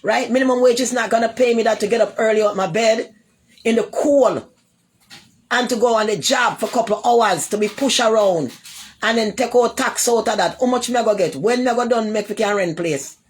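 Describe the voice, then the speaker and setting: A woman's voice: on the high side, a little fast, slightly rough. A woman with a Jamaican accent talking live to her viewers in a casual rant. She rambles and repeats herself, and she answers commenters with blunt insults. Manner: rambling and repetitive, loops back over the same points. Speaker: livestreamer.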